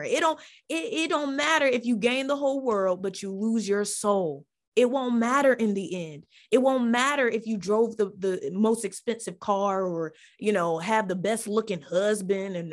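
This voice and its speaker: A woman hosting a faith podcast, preaching with fervor, repeating phrases and restarting lines as her feeling builds. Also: medium pitch. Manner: fervent, repeats phrases, stumbles over restarts. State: getting emotional. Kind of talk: impassioned Christian teaching.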